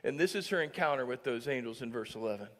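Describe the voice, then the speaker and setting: A man's voice: mid-range voice, animated, quick pace, a bit bright, big-room sound. A man preaching a sermon as pastor, joking with the congregation and often asking "all right?". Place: church sanctuary.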